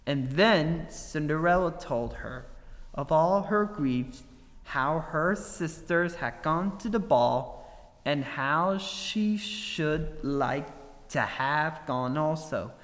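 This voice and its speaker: A man reading a fairy tale aloud as a storybook narrator, expressive and unhurried. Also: on the high side, long reverb tail, rough recording. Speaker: story reader.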